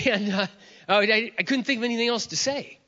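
A man's voice: high voice, moderate pace, pushed and bright. A middle-aged man preaching a sermon, telling a personal story with self-mocking humor and acting out both sides of a prayer. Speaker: pastor. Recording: muffled sound in a big reverberant hall.

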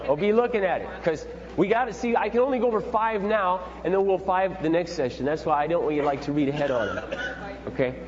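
A middle-aged man leading a parenting seminar, talking in a rambling, folksy, animated way to a group. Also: high-pitched, fast, crowd noise. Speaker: seminar leader. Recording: dull echoey hall with faint hum.

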